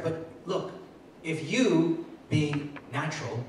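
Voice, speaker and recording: A man's voice: mid-range voice, moderate pace. Earnest preacher man in an echoey hall. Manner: earnest, repeats words, rising to excited bursts. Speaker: pastor. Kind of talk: sermon. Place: church sanctuary. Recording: echoey hall, mic far off, faint noise.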